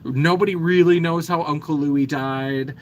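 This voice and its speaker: A man hosting a relaxed livestream, chatting in a rambling, self-deprecating way. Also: fairly high pitch, unhurried, slight background noise. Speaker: livestream host. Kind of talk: casual livestream chat.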